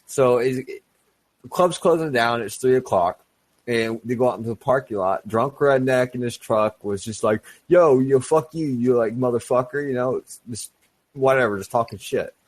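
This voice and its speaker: A man's voice: medium pitch, normal speed. A man telling a rambling, profane story as a guest in a casual podcast chat.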